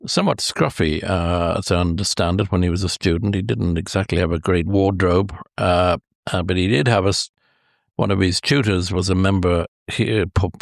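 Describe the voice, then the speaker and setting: Older Irish guest, deep-voiced, spins long hesitant anecdotes. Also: male voice, gravelly, no echo, clean studio sound. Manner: rambling, many hesitations, chuckles at his own stories. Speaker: golf historian guest. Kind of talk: anecdotal storytelling interview.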